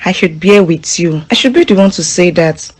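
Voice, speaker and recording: A woman with a Nigerian English accent voicing a gentle young wife, pleading and earnest. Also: fairly low pitch, normal speed, close to an everyday voice.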